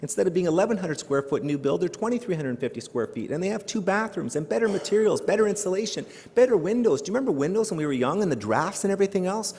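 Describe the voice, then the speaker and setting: A middle-aged man from Canada works a live audience in a big hall with quick, animated jokes. His voice sits high and races along. A long reverb trails each line. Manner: animated, joking, rhetorical questions. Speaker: keynote speaker. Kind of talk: humorous keynote speech. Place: large hall before an audience.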